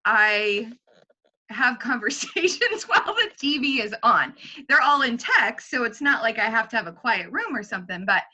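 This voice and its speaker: A woman's voice: fairly high pitch, big pitch swings, moderate pace, bright, forceful tone, poor audio. A woman chatting animatedly in a group book discussion, laughing often as she talks. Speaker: team leader in a book club call.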